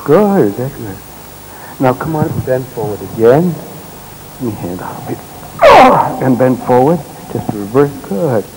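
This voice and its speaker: A male therapist works through a live demonstration on a conference stage, giving short, calm commands and then turning to explain what he sees. His pitch sits in an ordinary middle range, and a faint hiss runs under the recording. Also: measured pace. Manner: gentle, directive coaching with short commands. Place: stage at a congress.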